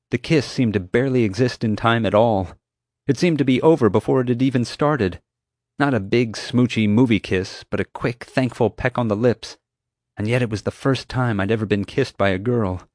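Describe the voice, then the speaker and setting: A man reading a first-person adventure story aloud as narrator, steady and vivid. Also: lowish voice, moderate pace, no room sound, studio quality. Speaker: audiobook narrator.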